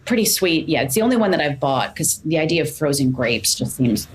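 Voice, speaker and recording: A woman answering as a podcast guest in casual chat, sarcastic and quick to laugh. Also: deep voice, very animated, a little hiss or hum.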